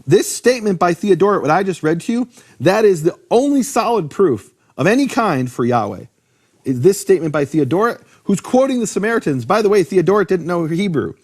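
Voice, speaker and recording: A man teaching in a conversational lecture about biblical names, animated, posing rhetorical questions and often restarting his sentences. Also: sits high, a little fast, breathy edge. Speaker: Bible teacher explaining Hebrew names.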